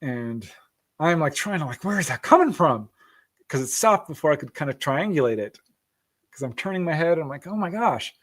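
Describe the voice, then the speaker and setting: Speaking a little fast in a fairly high, sing-song voice, a middle-aged podcast guest tells a story in a relaxed interview. He frequently laughs and performs the voices of the people he quotes.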